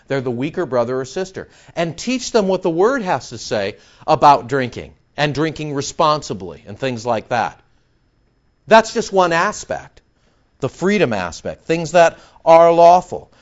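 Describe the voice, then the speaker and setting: A man preaching verse by verse in a fairly high, lively voice that rises and falls a lot. He talks casually and keeps asking the room rhetorical questions. The recording is dull and lo-fi. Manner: conversational teaching with rhetorical questions to the congregation. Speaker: pastor. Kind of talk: expository sermon.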